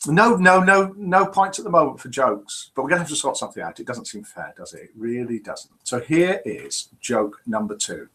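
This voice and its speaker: This live-stream presenter is a British man with a medium-pitched voice, speaking at normal speed with few pauses. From a small home studio room, he chats casually over a webcam broadcast and reads viewers' names and comments aloud.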